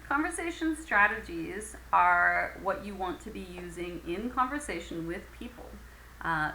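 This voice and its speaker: Woman teacher, bright voice, patient, lots of fillers, echoey room with faint hum. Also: mid-range voice. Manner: patient, many fillers, acts out example phrases. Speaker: English teacher. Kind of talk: recorded lecture.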